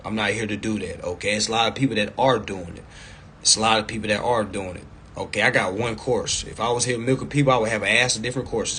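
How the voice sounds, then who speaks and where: A man coaching viewers in a casual live stream over a phone mic, blunt and profane, repeating himself and breaking into loud, emphatic bursts. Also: mid-range voice, slight background noise.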